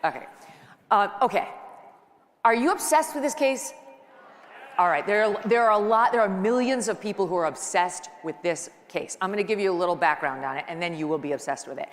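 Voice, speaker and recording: A woman's voice: medium pitch, animated, fairly quick, slight background noise. A middle-aged woman giving a joking, chatty speech from a conference stage, telling stories to the crowd. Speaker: conference speaker, talk show host. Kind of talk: lively stand-up style speech. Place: large conference hall. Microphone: handheld mic on stage. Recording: long hall reverb.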